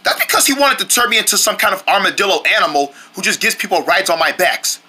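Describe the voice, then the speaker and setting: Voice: mid-range voice, quick pace, husky, full character voice. Someone voicing a grumpy cartoon armadillo. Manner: flat refusals, irritated. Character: grumpy stubborn male armadillo. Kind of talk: cartoon voice acting.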